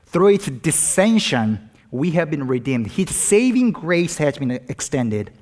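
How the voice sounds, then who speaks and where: A man pastor preaching a sermon in an earnest, animated way, mixing in personal anecdotes. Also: on the high side, a little slow.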